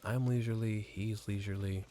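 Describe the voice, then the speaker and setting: Speaking briskly in a fairly low, steady, dark-toned voice, this man streams a let's play from his home desk mic. He rambles and curses, pokes fun at himself, and shifts between mutters and exclamations, with a little hiss or hum in the audio.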